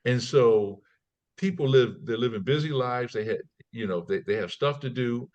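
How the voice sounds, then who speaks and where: A man's voice: medium pitch, moderate pace, highs cut off. A man as a podcast guest, talking casually and acting out quoted people in raised voices, often repeating and restarting words. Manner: animated storyteller, acts out quotes in raised voices. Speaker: guest, trading company CEO. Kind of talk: conversational interview.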